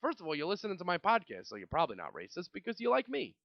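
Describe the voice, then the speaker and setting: A man's voice: high voice, huge pitch swings, racing, creaky, no echo, muffled recording. A young man from Brooklyn, hosting a solo podcast in a rambling, swearing rant full of restarts. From Brooklyn, New York. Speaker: podcast host. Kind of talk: casual solo podcast monologue.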